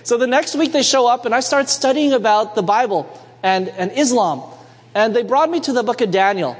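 A young man from Canada preaching a sermon, telling a lively story and asking the congregation for amens. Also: very high-pitched, fairly quick. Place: church sanctuary. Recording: long reverb in a church hall.

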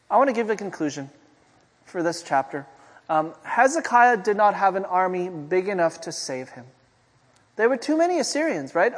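High-pitched guy preaching, chatty, lots of questions to the crowd, big echoey hall sound. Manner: conversational preaching with rhetorical questions. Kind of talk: sermon. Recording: long hall reverb.

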